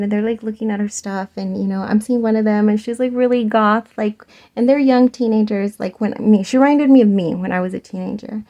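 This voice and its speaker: Chatty, animated woman tarot reader. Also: medium pitch. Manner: chatty, animated, laughs often, casual swearing. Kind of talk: casual storytelling and tarot reading.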